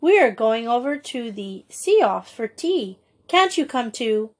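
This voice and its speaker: A woman's voice: a little high, big pitch swings, takes it slowly, full character voice. A woman voicing an enthusiastic, gushing schoolgirl in a storybook reading. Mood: excited. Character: excitable schoolgirl.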